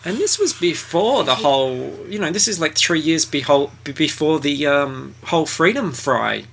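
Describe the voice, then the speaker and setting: Gravelly, wry male podcast host. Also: a little high, animated, normal speed, fairly bright tone. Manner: wry and mocking. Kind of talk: casual podcast chat, recapping a book.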